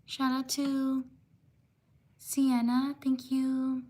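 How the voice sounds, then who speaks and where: A woman hosting a craft livestream, steadily giving shout-outs to viewers in the chat and apologizing when she mispronounces their names. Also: high voice, monotone, extremely slow. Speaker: livestream host.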